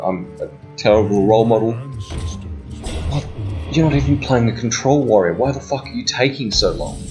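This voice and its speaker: A man's voice: lowish voice, a little mellow. A man giving casual, sarcastic and profane commentary over his own gameplay.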